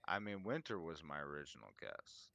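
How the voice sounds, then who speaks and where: A man's voice: very animated, moderate pace, creaky, pushed and bright. A man chatting casually as a player in a tabletop game, swearing freely. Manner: swears casually, mutters low.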